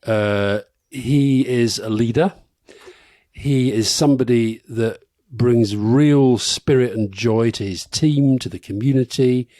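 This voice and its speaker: A man's voice: medium pitch, takes it slowly, mellow, dry recording, clean studio sound. A middle-aged man co-hosting a live podcast, telling wry anecdotes and laughing as he goes. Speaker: podcast co-host. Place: live stage event.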